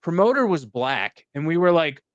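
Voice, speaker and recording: A man hosts a podcast in casual conversation, telling stories with animated energy and swearing freely. His voice is smooth and resonant. It is recorded close and dry, with no room sound. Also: fairly high pitch, normal speed, no echo, lo-fi sound. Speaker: podcast host. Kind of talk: casual chat.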